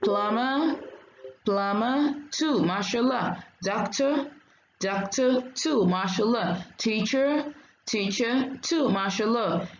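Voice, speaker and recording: A woman teacher giving a diction lesson, saying each word slowly and clearly and repeating it for learners. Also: a little high, roomy sound, lo-fi sound.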